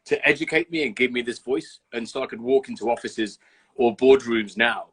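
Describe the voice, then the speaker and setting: A man's voice: mid-range voice, moderate pace, fairly bright tone, slightly rough. A man from Birmingham hosting a casual interview over a video call, chatty and blunt, swearing freely. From Birmingham, England. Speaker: host.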